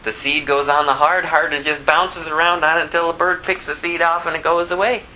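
A man preaching a conversational sermon, asking rhetorical questions and dropping low to act out quotes. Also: level tone, a little fast, pushed and bright, slight background noise, rough recording. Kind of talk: expository sermon.

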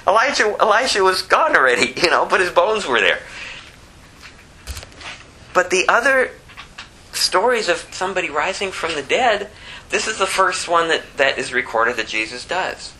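A man preaching, telling stories in a chatty, animated way and laughing often. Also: sits high, moderate pace, pauses often, slight background noise, poor audio. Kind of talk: sermon storytelling.

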